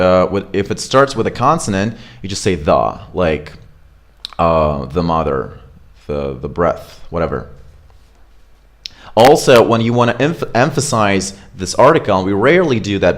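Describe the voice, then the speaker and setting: A man coaching English pronunciation in a casual, chatty way, full of fillers and check-ins, filmed on camera. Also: deep voice. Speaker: accent coach. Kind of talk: pronunciation lesson. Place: home studio with camera.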